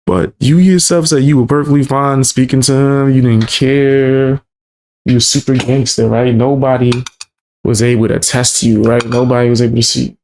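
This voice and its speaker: A man's voice: medium pitch, steady tone, moderate pace, darkish tone. A man streaming his reactions to a clip, talking bluntly and mockingly with lots of swearing. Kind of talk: casual reaction commentary.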